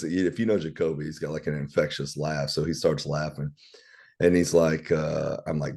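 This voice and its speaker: A man's voice: a bass voice, flat delivery, moderate pace, a little mellow, slightly rough. A man, casually teaching a Bible study and telling rambling, candid stories with some swearing. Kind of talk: casual preaching and storytelling.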